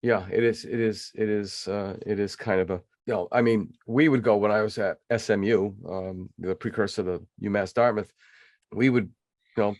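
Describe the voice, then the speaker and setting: A man in his sixties from New England, hosting a podcast in casual interview chat, telling stories in an animated way with lots of fillers. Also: fairly low pitch, normal speed, no room sound, studio quality. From New England, USA. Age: 60s. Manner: animated storyteller with many fillers. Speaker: podcast host.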